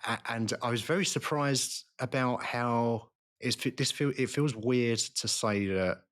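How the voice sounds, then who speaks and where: A man's voice: medium pitch, a bit bright. A man co-hosting a film podcast, chatting casually with frequent restarts. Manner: rambling, halting restarts. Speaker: podcast co-host. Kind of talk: casual film review chat.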